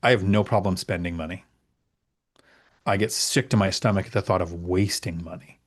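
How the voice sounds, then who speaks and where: A middle-aged man with a lowish voice hosts a relaxed live Q&A. He reads viewer questions aloud, then answers plainly and leans on repeated words for emphasis. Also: normal speed. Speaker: host. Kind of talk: casual live Q&A chat.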